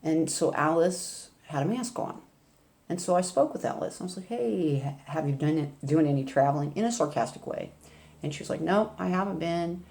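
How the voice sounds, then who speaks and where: A woman's voice: low voice, expressive, moderate pace, creaky, darkish tone. An older woman vlogging, telling a rambling, chatty story in a casual way. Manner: rambling, chatty, with laughs and asides.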